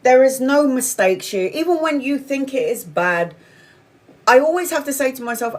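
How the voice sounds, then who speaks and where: A woman's voice: sits high, moderate pace. A woman in her forties, hosting a casual spiritual livestream chat, telling candid stories with frequent swearing. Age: 40s. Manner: candid, swearing, animated storytelling. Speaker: tarot reader livestream host.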